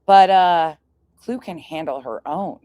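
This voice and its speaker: A woman rants on a livestream, swearing freely and snapping back with sarcasm. Her voice sits a little low. The sound is dry, with no room around it. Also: takes it slowly, mellow, no echo. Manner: profane, combative, sarcastic. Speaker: online creator. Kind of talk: heated livestream rant.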